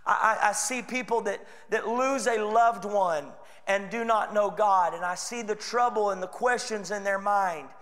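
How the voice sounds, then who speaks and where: A man's voice: high-pitched, measured pace, hardly any pauses, a bit bright, long reverb tail. A man with a Texan accent preaching a sermon in a church, earnest and conversational, slipping into quoted voices. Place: church sanctuary.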